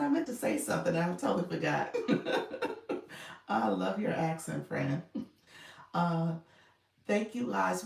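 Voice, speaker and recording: A woman's voice: on the low side, creaky. A woman coaching on a casual livestream, thanking viewers by name and laughing often. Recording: echoey room, mic at a distance.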